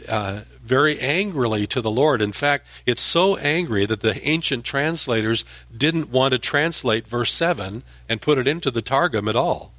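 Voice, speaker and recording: A man's voice: medium pitch, bright, forceful tone, no echo. A man teaching scripture, dry close sound. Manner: explanatory, with restarts and emphatic rises. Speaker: Bible teacher. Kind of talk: verse-by-verse Bible teaching.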